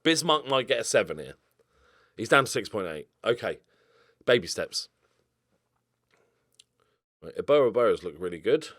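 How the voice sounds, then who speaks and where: Young man, casual game commentary, lively pitch swings, dry close-mic sound, mumbles then bursts out loud. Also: moderate pace, long pauses, no echo. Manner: excitable, swings from mumbled asides to loud outbursts. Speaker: gaming YouTuber.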